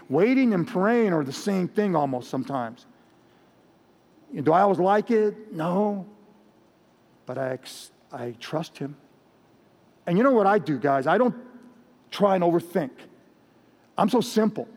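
A man with a Mexican American accent preaches in an earnest, direct way, circling back on his own phrases. His voice sits a little high. The long reverb of a hall trails after his words. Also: darkish tone. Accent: Mexican American English. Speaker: pastor. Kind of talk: sermon.

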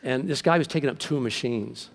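A middle-aged man preaching a sermon as pastor, telling stories in a lively way and acting out the voices of the people in them. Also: mid-range voice, fairly quick, vocal fry. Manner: animated storytelling, acting out quoted voices. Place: large church hall. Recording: long reverb from a large hall.

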